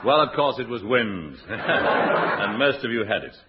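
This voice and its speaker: A man's voice: medium pitch, very animated, a little slow. A man hosting a radio comedy sketch show with dry, wry comic delivery. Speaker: host. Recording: dull old radio recording, loud audience noise. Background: audience laughter.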